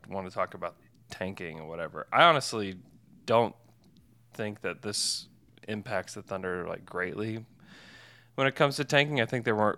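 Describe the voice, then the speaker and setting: Bright, clear-voiced male podcast host. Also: on the low side. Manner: conversational, with fillers and self-corrections. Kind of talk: casual sports podcast chat.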